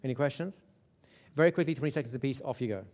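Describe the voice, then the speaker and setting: Teaching hypnosis live, this man talks fast in a mid-range, darkish voice. His style is conversational, with frequent "right?" check-ins and repeated words as he restarts phrases.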